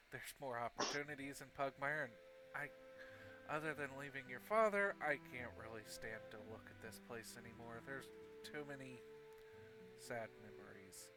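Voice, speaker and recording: A man voicing a weary, grieving mother dog in a tabletop game, speaking softly and sadly over background music. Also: medium pitch, fairly quick, few pauses, natural voice, poor audio.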